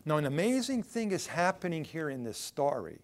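A man's voice: fairly high pitch, big pitch swings, moderate pace. A male pastor preaching a sermon in a conversational way, asking the congregation rhetorical questions as he goes.

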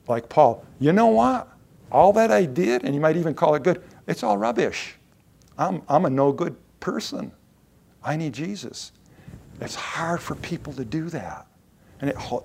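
A male pastor delivering a sermon in a lively, sing-song pitch, with a rough gravelly texture in his voice. He talks conversationally, repeating himself and restarting phrases. He jumps from loud, emphatic lines to hushed ones. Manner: emphatic, with sudden rises and drops in loudness.

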